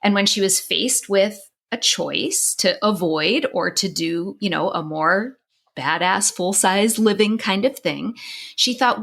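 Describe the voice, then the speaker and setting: A woman's voice: medium pitch, unhurried, vocal fry, a bit bright. A middle-aged woman host speaking in an ordinary mid-range voice, talking candidly and with feeling. She restarts often and leans on fillers as she shares a personal story, and at moments her voice breaks with tears. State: crying at times. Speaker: podcast host and psychologist.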